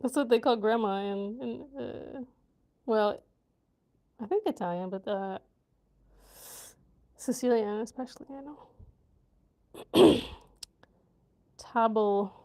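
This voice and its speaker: A woman's voice: on the high side, slow pace, long pauses, darkish tone. A woman vlogging as she learns a language, giggling often and sounding out new words while muttering to herself. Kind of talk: casual learning vlog.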